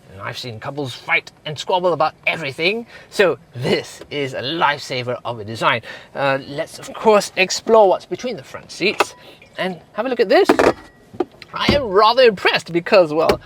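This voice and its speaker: A man's voice: on the high side, fairly bright tone, a little hiss or hum. A man doing a put-on British accent as a pompous car presenter who makes dry innuendo jokes. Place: inside a small car.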